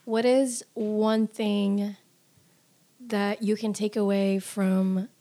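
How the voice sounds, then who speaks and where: A young woman co-hosting a casual chat, asking questions slowly and laughing easily. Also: medium pitch. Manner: slow, lively, laughs easily. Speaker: podcast co-host.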